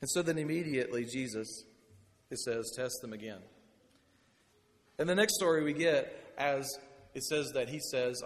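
A man's voice: medium pitch, normal speed, pauses often. Man preaching in an echoing hall. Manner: conversational storytelling with asides. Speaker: pastor. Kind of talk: sermon. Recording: long hall reverb.

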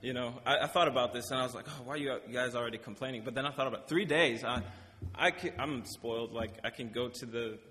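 A young preacher gives an informal sermon, reading scripture and then telling stories in a casual, rambling way, often correcting himself and laughing between points. His medium-pitched voice is bright and forceful and fairly quick, with a hall's long reverb on the recording.

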